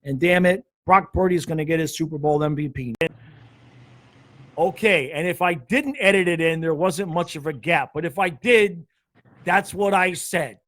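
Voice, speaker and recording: A man's voice: fairly high pitch, moderate pace, a bit bright. A man hosting a casual sports chat over a video call, rambling, laughing and poking fun at himself. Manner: laughing, rambling, self-mocking. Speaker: show host.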